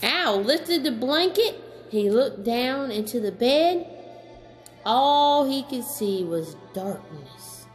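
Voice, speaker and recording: Slow gentle woman reading a story aloud. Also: a little high, expressive, soft background music. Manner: gentle, slow read-aloud, chatting with a child.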